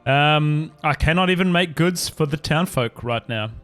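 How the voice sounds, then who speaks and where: Male GM doing a weary, apologetic dwarf blacksmith woman, raised pitch, tabletop game. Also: a little slow, a bit bright, faint music behind. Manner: chatty, apologetic, a little flustered.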